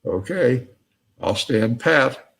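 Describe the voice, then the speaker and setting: A man's voice: medium pitch, animated, drawn-out words, vocal fry, a bit bright, exaggerated voice. A man voicing a nervous, disbelieving ordinary shopkeeper in a joke. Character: ordinary anxious male shopkeeper.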